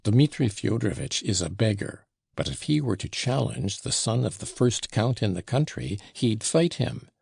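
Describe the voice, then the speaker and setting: Audiobook: man voicing a scornful young manservant, low gravelly tone, curt and cold. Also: very animated, normal speed, few pauses, a little mellow, dry recording, studio quality, heavily acted. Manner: curt, disdainful. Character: sullen proud young male servant, contemptuous. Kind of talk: audiobook reading.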